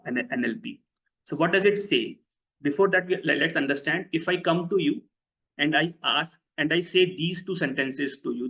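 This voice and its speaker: A man's voice: fairly high pitch, a bit bright, rough recording. Man teaching an online webinar. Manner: explains step by step, asks the audience questions. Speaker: webinar presenter. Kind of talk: live online lecture.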